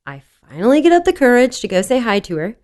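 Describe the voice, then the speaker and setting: A woman in her thirties, a podcast guest, telling an animated story and acting out the dialogue. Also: on the high side, quick pace. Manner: animated, acts out quotes in dialogue. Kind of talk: casual interview storytelling.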